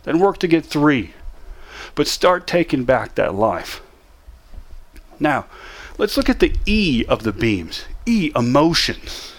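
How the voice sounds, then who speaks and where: Emphatic, lively-voiced male counselor. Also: fairly high pitch, slow, pauses often. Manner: emphatic and direct, addressing the listener as "you" with short, repeated commands. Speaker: counselor teaching depression management. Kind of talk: motivational teaching talk.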